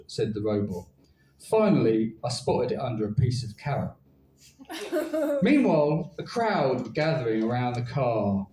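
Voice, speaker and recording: A man's voice: medium pitch, very animated, unhurried, dark tone, a little hiss or hum. A man performing comic spoken word poetry at a live night, telling his story with a wry, dry delivery. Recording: roomy live venue, distant mic.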